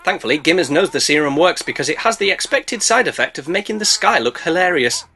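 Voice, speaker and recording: A man's voice: a little high, expressive, fast talker, pushed and bright. A man narrating a comedic movie recap, sarcastic and mocking, swearing freely.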